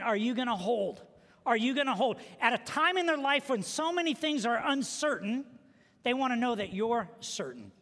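A man preaching a sermon as pastor, telling stories with humor and animated delivery. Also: extremely high pitch. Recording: long reverb of a large hall.

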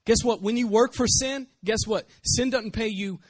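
Male pastor, fairly high voice, dry close sound, emphatic sermon delivery full of rhetorical questions. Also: moderate pace, no room sound.

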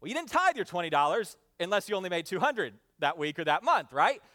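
A male pastor preaching a lively sermon, leading the congregation in repeated phrases and often filling pauses with "uh". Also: high-pitched. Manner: energetic, calls for responses from the congregation; frequent "uh" fillers.

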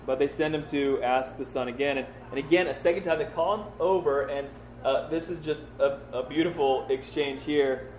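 A man's voice: medium pitch, normal speed, a little mellow, reverberant, a little hiss or hum, low-quality recording. A man teaching through a Bible passage in a casual, conversational way, full of fillers and rhetorical questions.

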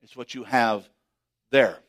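A man preaching a sermon as pastor, swinging from hushed asides to excited shouts. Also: mid-range voice, slow pace.

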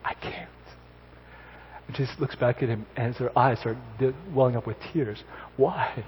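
A man's voice: medium pitch, steady tone, brisk. A man giving a sermon, telling a story and then exhorting his listeners with rising emphasis. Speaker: pastor. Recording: slightly dull recording with faint noise.

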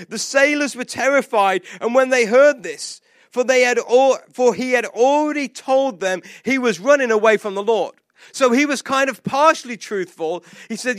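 A man preaching a sermon, retelling a Bible story with animated acted-out quotes and lots of casual "like" fillers. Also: extremely high pitch, normal speed, no room sound, studio quality. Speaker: pastor.

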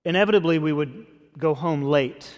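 A man pastor preaching a sermon in a conversational, expressive way. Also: fairly high pitch, normal speed, highs cut off. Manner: conversational, expressive, acts out scripture quotes. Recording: long hall reverb.

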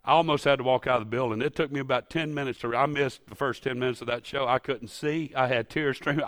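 Male pastor, mid-pitched, folksy sermon, builds to loud peaks, dry close sound. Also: fairly even intonation, fast, hardly any pauses, dry recording. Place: church sanctuary.

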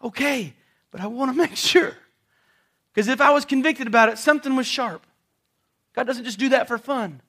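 A man preaching a sermon to a congregation, telling the story dramatically and dropping suddenly to a soft voice. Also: very high voice, normal speed, long pauses. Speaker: pastor. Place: church service before a congregation.

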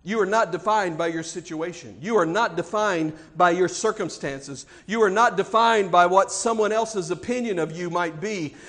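A male pastor preaching with a high voice. He drives his points home with emphatic, repeated phrases that build toward each line's close. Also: moderate pace, hardly any pauses, a bit bright. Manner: emphatic, repetitive preaching cadence. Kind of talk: sermon.

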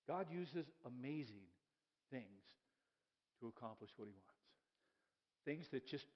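A man preaching a sermon as a pastor, chatting and joking with the congregation, checking in with "okay?", then sinking to a hushed voice for the dramatic points. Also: medium pitch, expressive, unhurried, in a large hall, highs cut off. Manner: drops to a soft, hushed voice for dramatic passages.

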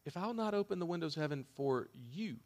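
A man preaching a sermon as a pastor, emphatic, with loud declarations that drop to hushed asides. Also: a little high, lively intonation, fast talker.

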